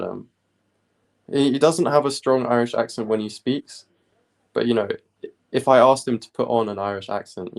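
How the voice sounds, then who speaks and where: A young man from the UK chatting casually on a study live stream, rambling with many pauses and fillers. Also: medium pitch. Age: young adult. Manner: relaxed, rambling, many ums.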